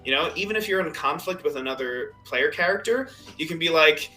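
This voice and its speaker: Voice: medium pitch, lively intonation, a little fast, bright, forceful tone, soft background music. A podcast host and dungeon master in casual chat, loose and rambling, repeating "you know" constantly and swearing casually.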